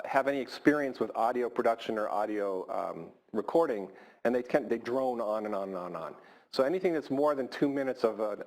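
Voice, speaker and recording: A middle-aged man, a surgeon, giving an informal grand rounds lecture in a hall, repeating words for emphasis. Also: medium pitch. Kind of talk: conversational lecture.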